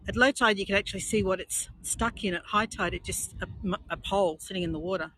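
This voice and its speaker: An Australian woman guiding a live walking tour outdoors on a coastal headland, talking in a chatty, meandering, gentle way into a handheld phone. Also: mid-range voice, fast talker, slight background noise, poor audio. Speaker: tour guide.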